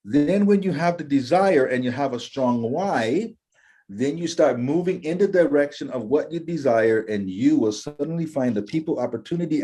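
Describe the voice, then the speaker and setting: Lively, emphatic man giving motivational talk. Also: a little high, slightly rough. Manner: acts out quoted voices, lively and emphatic. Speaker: interview guest, empowerment coach.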